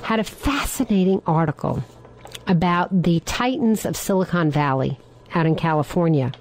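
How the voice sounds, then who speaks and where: A woman's voice: on the low side, normal speed, rough recording. A middle-aged woman hosting a talk radio show, giving her opinions in a monologue and firing rhetorical questions at her listeners.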